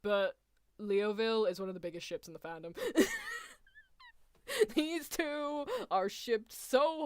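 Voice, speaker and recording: A woman streaming a live anime reaction, gushing and excitable, laughing often and swinging between loud cries and hushed near-whispers. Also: lowish voice, dry recording. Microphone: headphones on while streaming.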